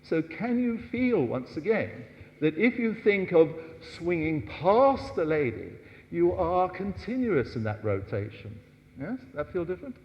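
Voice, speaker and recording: Older dance teacher in a big hall. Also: male voice, high voice, very animated, unhurried. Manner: coaxing, asks "yes?" often, counts out steps. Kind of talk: dance workshop lesson. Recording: dull distant hall sound.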